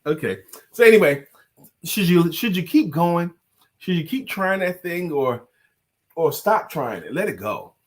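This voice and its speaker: Playful man with a lively voice. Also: on the high side, measured pace. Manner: playful, teasing, laughs often; sings lines of a song. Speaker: co-host. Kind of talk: casual chat.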